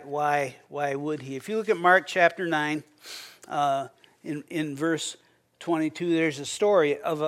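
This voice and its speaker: A man preaching a sermon in a conversational way, often repeating words as he starts a sentence and acting out quoted prayers. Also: a little high. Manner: acts out quoted prayers with a raised voice. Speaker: pastor.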